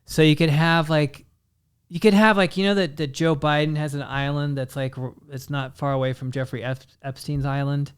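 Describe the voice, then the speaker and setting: Man hosting a podcast, rambling jokes, smooth clear voice, slightly high. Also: steady tone, normal speed. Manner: rambling, joking, full of fillers. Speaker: podcast host. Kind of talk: casual comedy chat.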